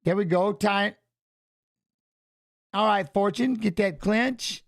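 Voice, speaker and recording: Laughing often and tripping over his words, a fairly high-voiced middle-aged man chats loosely as he hosts a live fight watch-along, drawing on his past as a fighter. At times he breaks into rapid, excited corner-man coaching as part of his commentary.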